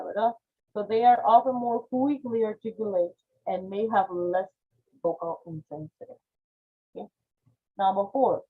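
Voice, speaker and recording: A woman with a Spanish accent, a native Spanish speaker, teaching English phonetics in an online class, checking in with frequent "okay?" questions. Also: medium pitch. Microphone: video call. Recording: tinny video-call audio.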